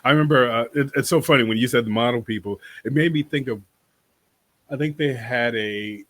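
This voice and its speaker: A man's voice: medium pitch, brisk, a bit bright, dry recording. Rambling, laughing male actor guest. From Boston. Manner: rambling, laughing, restarts often. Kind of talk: casual interview chat.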